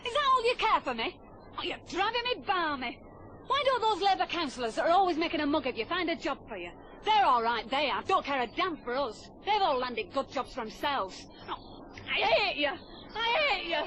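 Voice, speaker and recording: A woman's voice: high voice, expressive, a little fast, a bit bright, slight background noise. An actress playing a fiery, devoted young working-class woman with a Lancashire accent in a stage-style radio drama. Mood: angry. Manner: earnest, emotional.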